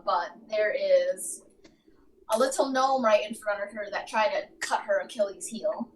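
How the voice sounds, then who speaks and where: A woman narrating as game master of a tabletop game, halting often with ums. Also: medium pitch, sharp tone. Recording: distant mic with faint noise.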